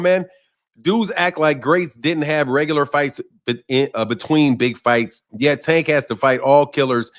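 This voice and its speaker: A man casually talking boxing on a livestream, reading and answering chat comments, often repeating himself. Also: medium pitch. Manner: conversational, repeats himself, addresses chat by name.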